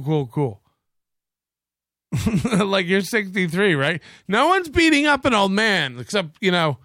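A man with a fairly high voice hosts a casual solo livestream and rambles between sarcasm and swearing. He breaks off now and then to thank viewers for their donations. The sound is close and dry, with no room echo. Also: vocal fry, fairly bright tone. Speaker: livestream host.

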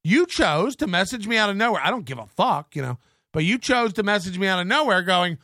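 A man's voice: high-pitched, expressive, fairly quick, bright, forceful tone, dry recording, studio quality. A man hosting a livestream, ranting angrily with mocking, profane jabs. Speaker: livestream host.

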